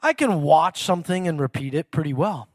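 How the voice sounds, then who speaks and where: Male preacher, casual sermon, self-mocking, lively pitch, fairly high voice. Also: fairly quick, dry recording, studio quality. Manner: chatty, self-mocking, laughs often.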